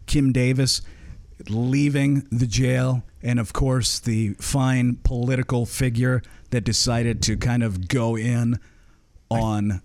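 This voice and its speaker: A man's voice: mid-range voice, level tone, takes it slowly, a little mellow, no echo. Man, podcast host, crude joking banter, dry close sound.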